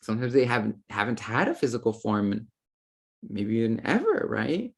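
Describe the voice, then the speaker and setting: A man's voice: mid-range voice, wildly swooping pitch, moderate pace, vocal fry, slightly rough. A man giving a casual, playful talk on spirit guides, full of slang, fillers and quoted asides. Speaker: spiritual teacher.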